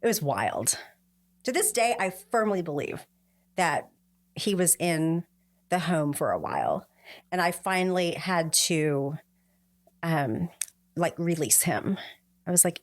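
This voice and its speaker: Slow and sing-song with long pauses, a middle-aged woman tells a heartfelt personal story as a podcast guest. She raises her pitch to perform the voices of people she quotes.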